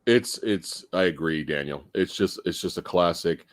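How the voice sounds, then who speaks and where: A man hosting a casual movie podcast, talking in an animated way and laughing as he goes. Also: low voice, moderate pace, dry recording. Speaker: podcast host.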